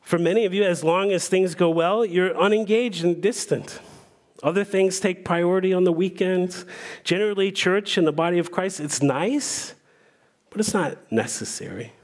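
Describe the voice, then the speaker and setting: A man preaching as pastor, earnest and measured, with pauses and small restarts. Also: high-pitched. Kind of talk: sermon.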